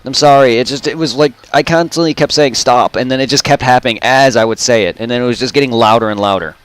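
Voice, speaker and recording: A man's voice: medium pitch, fast talker, fairly bright tone, smooth, no room sound. A man chatting casually while streaming a game, rambling and repeating himself. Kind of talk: casual chat while gaming.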